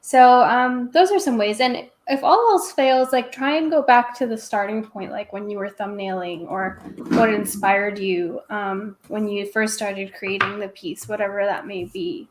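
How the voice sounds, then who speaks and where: A woman's voice: mid-range voice, unhurried, roomy sound, background noise. A woman teaching artist in casual conversation, talking freely and leaning on lots of "like" and "um" fillers. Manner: chatty, many "like" and "um" fillers. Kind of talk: casual chat while working.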